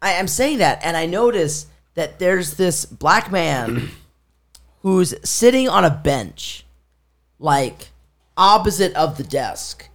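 Taking his time, a man with a slightly high voice tells a lively story as co-host of an easygoing podcast. He acts out what each person said in their own voice and laughs in the middle of the tale.

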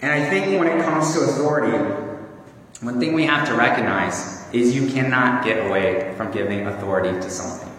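A man's voice: medium pitch, a little fast, fairly bright tone, a little hiss or hum. A man preaching a sermon in an earnest, conversational way with small fillers. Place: church hall. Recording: echoey hall from far off.

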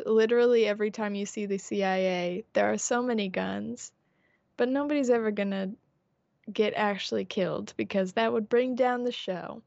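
A woman's voice: medium pitch, moderate pace, vocal fry, darkish tone, dry recording, muffled recording. A woman co-hosting a podcast in casual chat, playful and laughing often. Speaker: podcast co-host.

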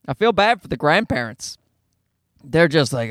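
A man's voice: a little high, big pitch swings, moderate pace, a bit bright, no echo. A comedian in his thirties hosting his own podcast from a home studio, ranting casually with profanity and acted-out voices.

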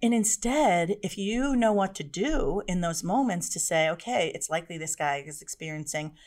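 Animated woman telling stories as guest. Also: fairly low pitch, normal speed. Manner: animated, acts out quoted dialogue in changed voices. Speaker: guest speaker. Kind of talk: conversational interview storytelling.

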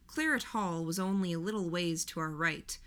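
A woman narrating a first-person audiobook in an even, measured reading. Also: on the low side.

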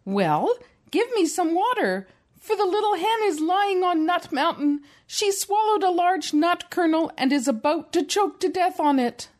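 A woman's voice: extremely high pitch, expressive, a little slow, pitched above the performer's own voice. A woman voicing a frantic little rooster who pleads urgently for help, as she reads a storybook aloud. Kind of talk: storybook reading.

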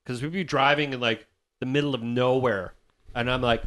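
A man in casual band chat, telling tour stories in an animated way, acting out quotes and swearing. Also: mid-range voice, moderate pace.

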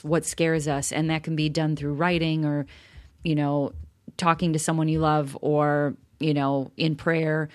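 A middle-aged woman co-hosting a podcast with her husband, talking in a reflective, earnest way with frequent restarts. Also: low-pitched. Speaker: podcast co-host. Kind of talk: casual conversation.

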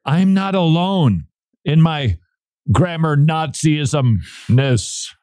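A man's voice: on the high side, lively intonation, extremely slow, a little mellow, dry recording, clean studio sound. A male radio host bantering playfully with mock-grand announcer flourishes.

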